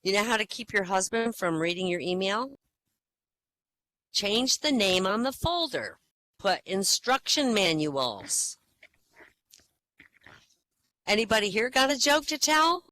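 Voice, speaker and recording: A woman reels off jokes to a group and acts out each character as she goes. Her voice is bright and forceful, and it swings widely in pitch. She delivers the jokes in a lively, animated way. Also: measured pace. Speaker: joke teller leading the session.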